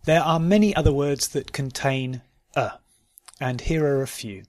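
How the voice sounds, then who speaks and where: A man with a British accent teaching pronunciation, reading word lists one word at a time in a deliberate drilling manner. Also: medium pitch. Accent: British English. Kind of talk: pronunciation lesson.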